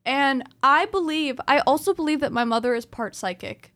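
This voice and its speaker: Young woman podcast cohost telling spooky stories, kinda high voice, swears a lot, dry close sound. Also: normal speed, dry recording. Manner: animated storyteller, swears freely. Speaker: podcast co-host. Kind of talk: casual chat, storytelling.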